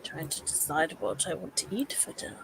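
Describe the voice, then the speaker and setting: A woman's voice: low voice, sing-song, moderate pace, vocal fry, noisy background. Young woman, casual livestream chat, chatty, laughs often. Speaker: host of a reading sprint livestream.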